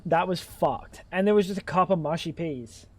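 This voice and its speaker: A man's voice: a little high, moderate pace. Profane, rambling male game streamer. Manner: rambling, profane, thinking aloud. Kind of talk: casual livestream chat while gaming.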